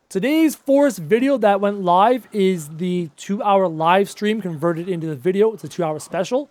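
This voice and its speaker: Late-20s male streamer, high voice, chatty and self-mocking, voice getting worn. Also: moderate pace, hardly any pauses, a little mellow. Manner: chatty, answers chat questions aloud, self-mocking jokes. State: voice wearing out, losing his voice. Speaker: live streamer. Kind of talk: casual live-stream chat while playing.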